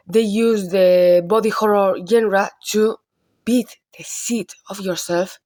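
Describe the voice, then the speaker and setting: A woman with a Spanish accent talks through a film analysis at an unhurried, measured pace. She often stops mid-thought, restarts and restates her words as she works out her point. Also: mid-range voice, a little mellow. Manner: halting, rephrases and repeats words as she goes. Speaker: film reviewer. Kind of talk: casual film analysis monologue.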